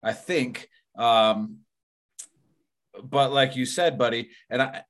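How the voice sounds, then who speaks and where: A man's voice: medium pitch, slow, a bit bright. Brief: male podcast host, mid-range voice, loose rambling delivery full of fillers and swearing. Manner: rambling, profane, heavy use of "like" and "you know". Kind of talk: casual chat.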